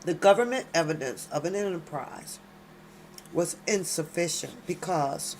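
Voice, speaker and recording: A woman with a deep, creaky voice hosts a late-night commentary channel from home, reading documents aloud. She breaks off to address viewers directly with loud, emphatic, slangy outbursts. There's a little hiss or hum in the audio.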